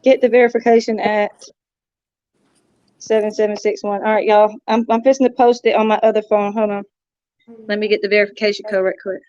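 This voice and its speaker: A woman's voice: mid-range voice, little pitch movement, brisk, a little mellow, clear, resonant tone, dry recording, highs cut off. A woman hosting a casual livestream, distracted, talking to viewers while working her phone. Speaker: livestream host.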